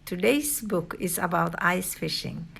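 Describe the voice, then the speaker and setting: A woman hosting a channel, reading a children's picture book aloud in a slow, expressive way. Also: lowish voice, gravelly, breathy edge. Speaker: storybook reader, channel host. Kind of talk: children's read-aloud narration.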